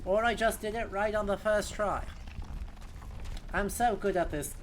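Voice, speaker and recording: A man's voice: high voice, unhurried, a little hiss or hum. A man streaming a video game, joking and sarcastic, sometimes slipping into a mock announcer voice. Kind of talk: casual let's-play commentary.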